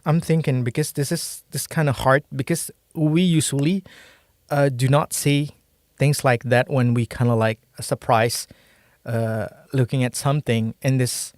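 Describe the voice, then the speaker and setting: A man's voice: mid-range voice, steady tone, measured pace, darkish tone, dry recording, studio quality. A young man with an Indonesian accent, a native Indonesian speaker, giving a casual language lesson, thinking aloud and hesitantly searching for his words. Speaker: language teacher.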